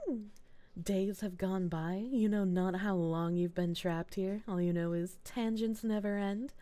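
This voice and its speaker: A woman streaming live, thanking viewers in casual, sleepy, low-key chat and swearing freely. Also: measured pace, dark tone. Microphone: desk mic with gain turned up.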